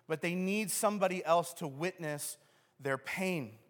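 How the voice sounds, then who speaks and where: A man preaching a sermon as pastor, telling the story in an animated way and acting out the scenes. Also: fairly high pitch, unhurried. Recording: long hall reverb.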